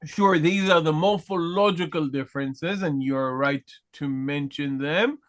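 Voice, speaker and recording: A man leads a grammar lesson at an unhurried, deliberate pace, stopping often to check that students follow. His voice sits on the higher side for a man, and he pauses and restarts as he searches for words. He speaks like a patient teacher guiding a class. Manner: patient, frequent "okay?" check-ins, questions to students. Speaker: Hebrew teacher. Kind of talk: live online class, explaining grammar.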